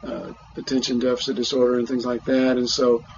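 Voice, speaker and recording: A man interviewing a guest in a measured, halting way with fillers. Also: medium pitch, flat delivery, a little hiss or hum. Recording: dull lo-fi recording.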